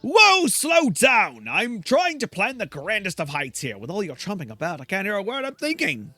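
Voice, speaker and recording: A man's voice: high-pitched, huge pitch swings, normal speed, pushed and bright, faint music behind, voice pushed up, heavily acted. A man voicing a brash, scheming male rogue who blusters and complains. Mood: blustering. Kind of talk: video game voice acting.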